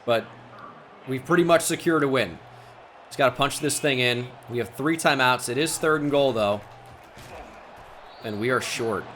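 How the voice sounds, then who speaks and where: Excitable man commentating his own gameplay. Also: normal speed, pauses often, slight background noise. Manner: shifts from low musing to loud shouting at big plays. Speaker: gaming YouTuber.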